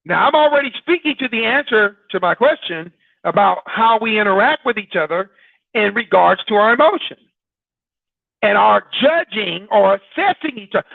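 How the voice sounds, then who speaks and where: A man's voice: high-pitched, animated, moderate pace, gravelly, no room sound. A man hosting an informal broadcast talk, conversational and full of rhetorical questions to his listeners. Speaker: broadcast host. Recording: dry, tinny phone-like sound.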